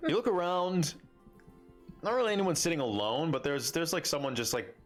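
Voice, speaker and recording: A man's voice: on the high side, very animated, moderate pace, soft background music. A man narrating a tabletop game as game master in a loose, filler-heavy way.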